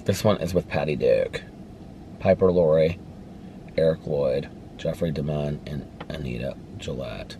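A vlogger with an American Midwest accent chats from a parked car, rambling in a friendly way and calling his viewers "you guys." His voice is extremely low and mellow, his pace measured, with a little hiss or hum.

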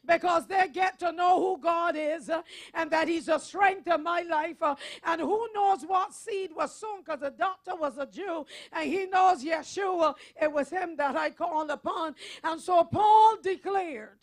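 High-voiced woman preaching with fervor. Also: measured pace. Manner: impassioned, rising to shouted proclamations. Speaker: evangelist preacher. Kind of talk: sermon.

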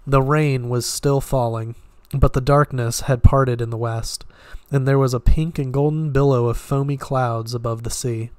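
A man reading a novel aloud in a steady, unhurried way, sometimes slipping and restarting a word. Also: mid-range voice, clear, resonant tone, dry recording. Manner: steady, with occasional slips and restarts. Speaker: reader.

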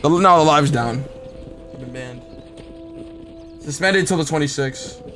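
A young man streaming a game live, chatting excitably with viewers and swearing often. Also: fairly high pitch, slow pace, faint music behind. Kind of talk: live gameplay commentary.

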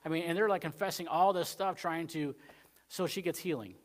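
In church for a Wednesday sermon, a pastor rambles conversationally, sprinkling in plenty of "you know" and moving between emphatic points and quiet asides. His voice runs on the high side and he speaks fairly quickly.

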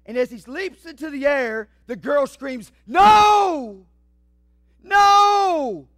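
A man preaching a fiery sermon, swinging from shouts to hushed asides. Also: very high-pitched, moderate pace, no room sound, clean studio sound. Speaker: pastor.

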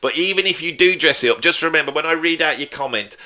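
Bright-voiced drummer chatting. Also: male voice, on the high side, fast talker. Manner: chatty, opinionated, jokey. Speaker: YouTube host and drummer. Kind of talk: casual talk to camera.

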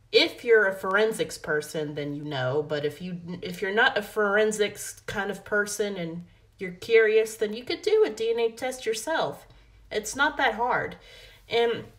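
A young woman chats to her viewers in a loose, rambling way, often stopping to correct herself and filling gaps with ums. Her voice sits a little low for a woman. It is recorded on a phone camera mic. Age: young adult. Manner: rambling, self-correcting, many fillers. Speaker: vlogger. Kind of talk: casual vlog talk.

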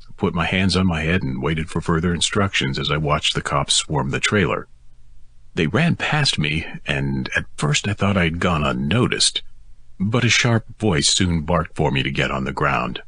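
A man narrating a first-person novel as an audiobook, in a gruff, weary telling. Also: extremely low pitch, normal speed, bright, forceful tone, no echo.

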